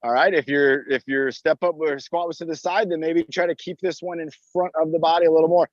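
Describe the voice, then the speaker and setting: A man's voice: fairly high pitch, fairly even intonation, a little fast, dry recording. A man leading a live outdoor workout class as fitness coach, encouraging and talking through each move as he exercises, recorded on a phone in a park. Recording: dull dry lo-fi phone audio.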